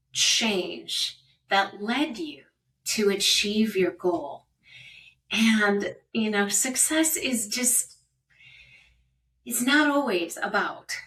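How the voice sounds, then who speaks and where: A woman's voice: mid-range voice, fairly bright tone, distant mic. A middle-aged woman hosting an interview podcast, encouraging and affirming her guest with frequent amens. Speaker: podcast host.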